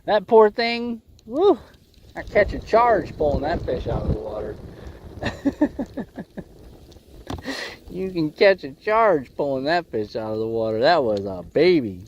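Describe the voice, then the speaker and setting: Laid-back, lively-voiced man fishing live. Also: on the high side, measured pace, pauses often, lo-fi sound, background noise. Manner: joking, chatting with viewers, laughing often. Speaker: fishing livestream host. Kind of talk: casual livestream chat. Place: outdoors by a windy lake.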